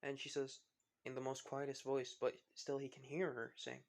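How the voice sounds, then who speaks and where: A man's voice: medium pitch, completely flat delivery, normal speed, gravelly. Guy rambling through a fan story, tons of likes and ums, casual. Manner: rambling, many fillers and restarts.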